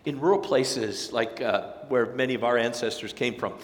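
A man preaching a sermon as pastor, swelling to loud emphatic peaks and dropping soft again, with folksy storytelling asides. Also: mid-range voice, normal speed. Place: church sanctuary. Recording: long church reverb.

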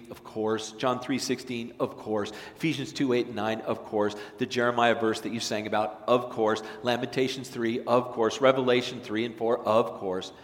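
A man preaching a sermon as pastor, animated, swinging from loud, energetic lines to hushed ones. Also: medium pitch. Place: church sanctuary. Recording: long reverb of a church sanctuary.

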